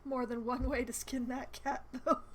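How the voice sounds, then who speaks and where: A woman's voice: sits high, little pitch movement, normal speed, slight background noise, poor audio. A woman streaming a role-playing game, reading the dialogue aloud and adding wry, chatty asides. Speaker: gamer streaming a playthrough.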